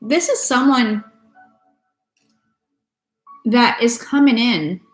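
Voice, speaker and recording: This tarot reader speaks very slowly in a slightly high voice. She's doing a casual reading for her viewers, blunt and heavily profane, recorded in an echoey room where faint music plays.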